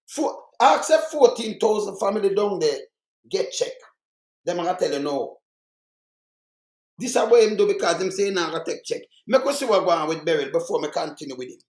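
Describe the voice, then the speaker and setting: A man's voice: high voice, animated, a little fast, roomy sound. A Jamaican man giving heated political commentary, fiery and mocking, repeating himself for emphasis.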